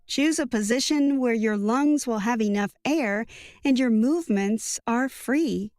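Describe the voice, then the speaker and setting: Woman reading a book summary, slow and measured, kinda high voice, dry mic. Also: no room sound. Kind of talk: scripted narration. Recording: dry studio voice-over with soft music.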